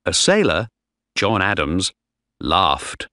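A man reading a story aloud for English learners in clear, deliberate scripted narration. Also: fairly low pitch, big pitch swings, a bit bright, no room sound, clean studio sound.

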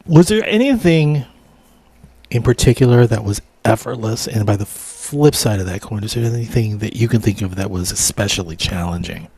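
Brief: husky male host, dry close sound, hesitant questions. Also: on the low side, animated, a little mellow, dry recording. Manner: halting, searching for words. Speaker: interview host. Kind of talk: casual interview questions.

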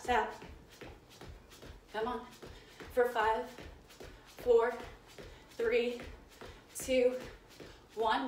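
Breathless from joining in, this young fitness instructor leads a live stream workout at home, calling out rep countdowns and saying hello to viewers by name. Her voice is a little high, and the distant phone mic picks up room echo plus a faint hiss or hum.

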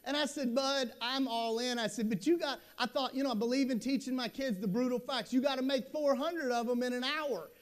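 A middle-aged man giving a conference keynote, telling stories in a folksy, animated way with asides to the audience. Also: extremely high pitch, a little fast, hardly any pauses. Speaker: school superintendent giving a keynote. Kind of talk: storytelling conference talk.

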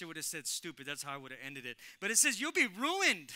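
A male pastor preaches with a high, very bright and forceful voice. He is animated, repeats his lines for emphasis and turns to the congregation again and again. The sound is dry and close. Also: quick pace, hardly any pauses, no room sound. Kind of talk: lively sermon. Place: church sanctuary.

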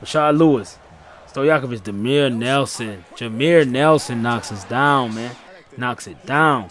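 A man giving casual, slangy play-by-play commentary over a basketball video game, excitable and heckling his own players. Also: mid-range voice, measured pace. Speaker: gaming channel host.

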